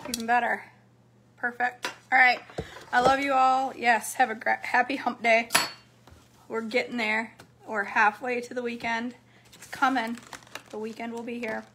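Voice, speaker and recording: Chatty woman doing a cooking vlog, higher bright voice, talks back to commenters as she eats. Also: gravelly, slight background noise. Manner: chatty, talks to viewers while eating. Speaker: cooking vlogger. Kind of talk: casual cooking vlog chat.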